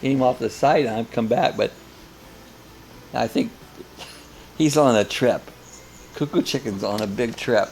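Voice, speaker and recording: A man's voice: medium pitch, unhurried, vocal fry, long pauses, a little mellow, a little hiss or hum. An older man hosting a live coffee chat, casually reading viewer comments aloud and rambling between them.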